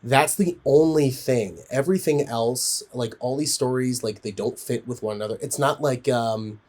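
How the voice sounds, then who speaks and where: A man's voice: mid-range voice, normal speed, a little mellow. A man giving a casual spoken film review, rambling with frequent fillers and restarts.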